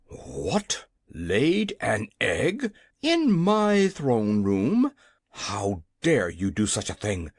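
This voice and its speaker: A reader voicing a short-tempered gnome king in a storybook who blusters, shouts and growls. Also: mid-range voice, big pitch swings, unhurried, dry recording, studio quality. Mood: blustering. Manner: blustering, easily startled.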